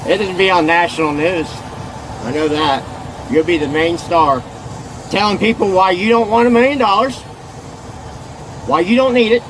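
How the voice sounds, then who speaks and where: A man's voice: high-pitched, moderate pace, pauses often, noisy background. A man in an agitated, rambling rant, scolding and preaching by turns. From Indiana. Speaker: arrested man ranting on video. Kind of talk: angry self-filmed rant.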